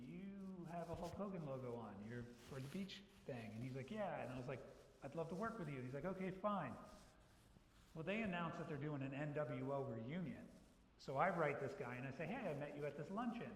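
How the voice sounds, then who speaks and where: A man's voice: fairly high pitch, slight background noise. A man, a photographer, telling casual anecdotes to a club audience, acting out the dialogue as he goes. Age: adult who was a child in the 1980s. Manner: chatty and anecdotal, acts out quoted dialogue. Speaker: photographer giving a club presentation. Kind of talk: casual storytelling talk. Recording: echoey hall recording from a room mic.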